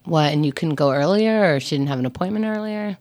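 Young woman chatting casually, low lively voice. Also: fast, no room sound, clean studio sound. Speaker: podcast guest. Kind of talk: casual chat.

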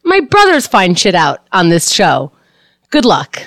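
A woman's voice: lowish voice, huge pitch swings, unhurried, a bit bright, dry recording, clean studio sound. A woman co-hosting a casual podcast, ranting indignantly with heavy swearing. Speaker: podcast co-host.

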